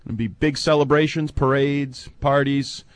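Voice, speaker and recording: A man co-hosting a sports talk radio show, animated, rambling and wry as he breaks down football. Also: mid-range voice, moderate pace, no room sound. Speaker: co-host and football analyst.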